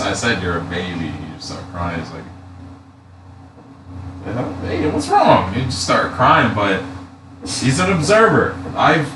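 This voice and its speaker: A man in his twenties chatting casually on a live stream, telling stories with lots of swearing and laughter. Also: mid-range voice. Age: 20s. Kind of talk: casual chat. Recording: echoey room, far from mic, noisy.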